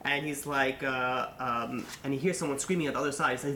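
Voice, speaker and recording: A man, a rabbi, telling a long story in a sermon, animated and full of fillers, acting out the people in it. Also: mid-range voice, fairly quick, reverberant, slight background noise. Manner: animated, acts out quotes, many fillers.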